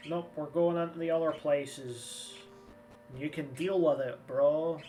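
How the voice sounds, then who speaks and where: A man in his twenties chats his way through a game stream, rambling and swearing casually. His voice sits a little high. The mic is a little distant and game music plays softly behind him. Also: fairly even intonation, unhurried. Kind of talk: casual gameplay commentary.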